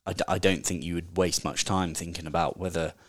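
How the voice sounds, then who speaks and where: Very deep-voiced man, chatty. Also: fairly even intonation, a little fast, no room sound, studio quality. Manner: chatty, candid, swears casually. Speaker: podcast host. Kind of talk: casual solo podcast book review.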